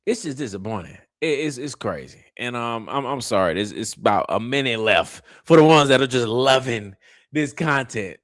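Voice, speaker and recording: A commentary channel host does a casual reaction commentary, animated, teasing and mocking in loose, slangy talk. He has a medium-pitched voice at normal speed, recorded with clean studio sound and no room sound.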